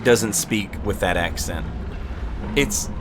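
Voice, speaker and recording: A man's voice: low-pitched, slow pace, background noise. A man streaming a game, chatting casually with his viewers and breaking into frustrated outbursts when things go wrong. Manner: chatty, talks to chat, bursts of frustrated yelling. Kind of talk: casual live gameplay commentary.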